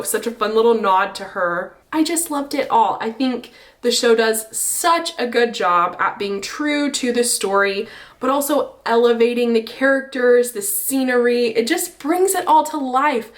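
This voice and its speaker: Chatty woman vlogging her opinions. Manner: chatty and opinionated, lively swings in pitch. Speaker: book and TV vlogger. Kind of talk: casual opinion vlog.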